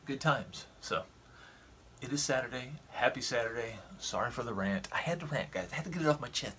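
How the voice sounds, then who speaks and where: Male vlogger, bright tense tone, loose rambling chat with the audience. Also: mid-range voice, expressive, fairly quick, a little hiss or hum. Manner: rambling, stumbling over repeated words; chatty, talking straight to viewers. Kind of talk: casual vlog chat.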